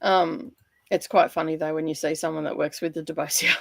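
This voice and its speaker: A woman's voice: deep voice, steady tone, a little fast, vocal fry, no echo. A middle-aged Australian woman in casual chat on a livestream, rambling and chatty, with lots of fillers and frequent laughter. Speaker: livestream guest.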